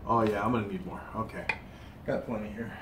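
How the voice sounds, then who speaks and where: A man's voice: fairly low pitch, brisk. A man with a Southern US accent chatting casually as he cooks, rambling with many restarts and fillers. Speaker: cooking vlogger. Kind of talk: casual chat while cooking. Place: hotel room. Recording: roomy, distant mic, faint room hum.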